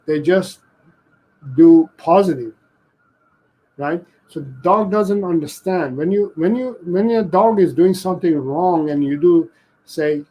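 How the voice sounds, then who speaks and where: A man who trains dogs, explaining his methods slowly and deliberately during a live video, often restarting his sentences. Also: high-pitched, mellow, low-quality recording. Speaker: dog trainer. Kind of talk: live-stream training advice and Q&A.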